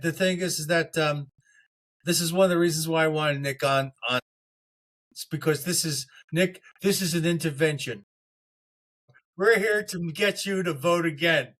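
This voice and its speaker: A man co-hosting a podcast, in casual political chat. He talks haltingly and often repeats and restarts his words. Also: a little high, fairly bright tone. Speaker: podcast co-host.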